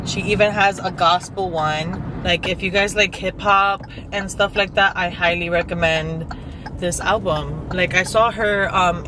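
Young woman rambling into her phone in the car, swears a lot, road noise behind her. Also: mid-range voice. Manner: chatty, swears freely, rambling with lots of "like". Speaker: vlogger. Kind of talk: casual day-in-my-life chat. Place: in a car, driving.

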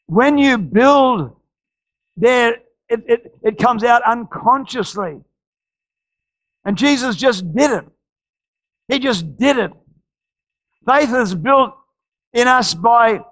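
Man, pastor preaching, very high-pitched, dry close sound, halting storytelling, shouted climaxes. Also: no echo. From Australia. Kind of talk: sermon.

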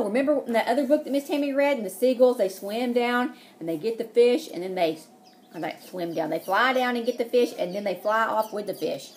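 A woman's voice: a little high, a little fast, a little hiss or hum. A woman preschool teacher, reading a picture book aloud and asking the children questions.

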